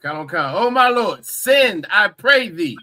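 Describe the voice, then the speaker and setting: A man with a high, sharp and very bright voice reads a verse aloud for his class. He goes slowly and carefully, halting between words. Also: big pitch swings. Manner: slow, careful reading, word by word. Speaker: student reading scripture aloud.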